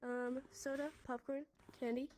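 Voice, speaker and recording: A woman's voice: high-pitched, little pitch movement, measured pace, a little mellow, slight background noise. A woman teaching a casual sign language class in a virtual classroom, upbeat and chatty, laughing often as she walks learners through hand motions.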